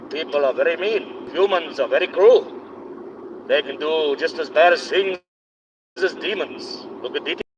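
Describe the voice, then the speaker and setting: A man chats away from behind the wheel in a rambling, opinionated live stream, playing up a put-on accent. His voice sits a little high, and the sound is muffled and lo-fi. Engine hum and road noise run steadily underneath. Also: normal speed. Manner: rambling, opinionated running commentary. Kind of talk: casual live-streamed driving chat. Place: inside a moving car on a highway.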